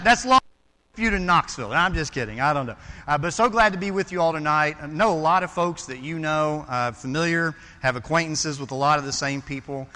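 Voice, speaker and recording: Man, guest preacher, sermon, jokey and engaging, slightly high voice, long church reverb. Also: pushed and bright. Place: church sanctuary.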